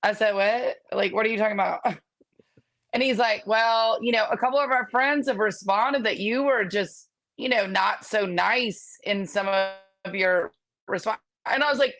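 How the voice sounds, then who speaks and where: A woman co-hosting a sports podcast, telling a story in a sassy, animated way. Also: mid-range voice, moderate pace. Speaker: podcast co-host.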